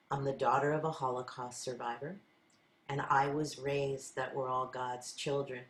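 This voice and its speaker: An older woman leading a class, telling her own stories in an earnest, conversational way and acting out her side of past conversations. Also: very deep voice. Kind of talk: storytelling talk to a group. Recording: roomy echo.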